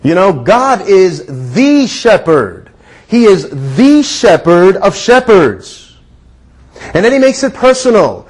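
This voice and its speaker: A man preaching a sermon, earnest, leading the listeners in repeating lines and slowing down to stress key words. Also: high voice, very animated.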